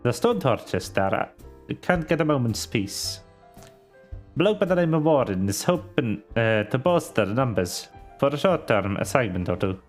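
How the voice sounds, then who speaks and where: A man voicing a brisk messenger in a game, reading hesitantly with fillers. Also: mid-range voice, big pitch swings, faint music behind, pitched below the performer's own voice, natural voice.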